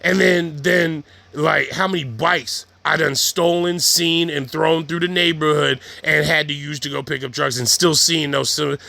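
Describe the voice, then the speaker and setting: A man with a fairly high, gravelly voice and a bright, sharp edge tells a loose, animated story. He swears freely and drops slang as he rambles on. The sound is dry and close. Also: measured pace, hardly any pauses, no echo. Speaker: vlogger.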